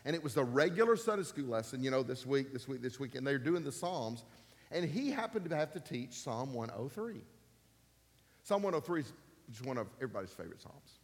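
A man in his fifties preaching a sermon with emphatic repetition, building to loud peaks. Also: mid-range voice, very animated, fairly quick. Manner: emphatic, repeats key phrases, rising to loud peaks. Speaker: pastor. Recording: long reverb of a church hall.

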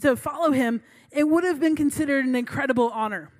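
A young adult woman with a high-pitched voice speaks a little fast as she preaches. Her sermon is a humorous personal story, told in a chatty, self-mocking way with laughter between lines.

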